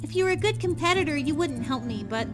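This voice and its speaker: A woman's voice: high-pitched, animated, quick pace, voice pushed up. A woman voicing a determined young female student who stammers when nervous but speaks bluntly, over game music. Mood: earnest. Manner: hesitant, stammering, then blunt.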